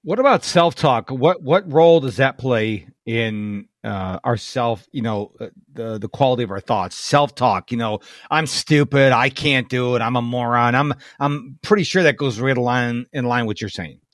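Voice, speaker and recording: A man hosting a podcast, asking questions and telling stories in an animated, conversational way with frequent fillers. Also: mid-range voice, moderate pace, hardly any pauses, no echo, studio quality. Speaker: podcast host. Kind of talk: conversational interview.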